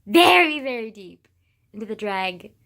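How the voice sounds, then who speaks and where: A teenage girl talking casually to camera, gushing and excitable, full of sighs, fillers and swearing. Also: on the high side, a little slow. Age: teens. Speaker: vlogger. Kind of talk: casual rambling vlog.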